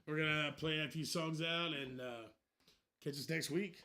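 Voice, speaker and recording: A man's voice: on the high side, normal speed. A man co-hosting a casual late-night radio show in a studio, joking and laughing often. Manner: jokey, laughs often, animated.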